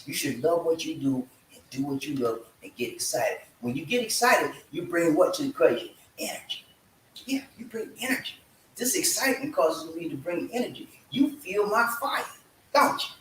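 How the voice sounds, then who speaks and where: An energetic man hosting a casual home show, talking with a bright, forceful edge and hyping up his viewers. His voice sounds far from the mic, with a roomy echo and faint noise behind it. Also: a little high, normal speed. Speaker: show host. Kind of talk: casual live chat. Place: room at home. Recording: echoey room, voice from far off.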